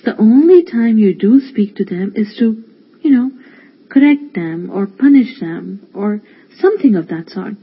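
A wise, gentle mother, voiced by a storyteller, explains things to her son calmly. She speaks with a slightly breathy softness, and the lo-fi recording muffles her. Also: mid-range voice, measured pace. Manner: calm, gentle advice. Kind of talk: storybook reading.

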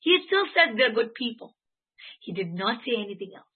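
A woman's voice: fairly high pitch, sing-song, moderate pace, breathy edge. A woman teacher giving an online religious class with slides. She speaks in an earnest, heartfelt way and often checks in with her students. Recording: tinny phone-like audio.

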